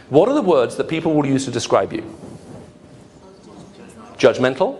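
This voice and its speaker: A man with a fairly high-pitched voice gives a humorous, lively apologetics lecture to a live audience, asking rhetorical questions as slight background noise runs underneath.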